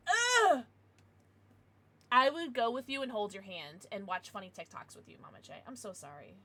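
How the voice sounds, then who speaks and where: Bubbly streamer girl, high voice that bounces all over, lots of giggles and cutesy baby talk. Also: animated, moderate pace, sharp tone, a little hiss or hum. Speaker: livestreamer. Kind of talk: casual livestream chat.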